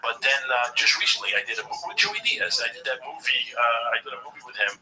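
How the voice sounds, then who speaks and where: A man's voice: mid-range voice, quick pace, poor audio. A man in casual podcast chat, telling a story with energy and acting out what others said. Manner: animated storyteller acting out quotes.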